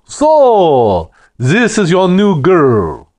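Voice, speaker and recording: A man voicing a huge, taunting brute of a man with a booming voice and a Russian accent, in a fiction podcast reading. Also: huge pitch swings, drawn-out words, a little mellow, heavily acted. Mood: leering. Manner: falsely sweet, taunting. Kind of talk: audiobook character voice.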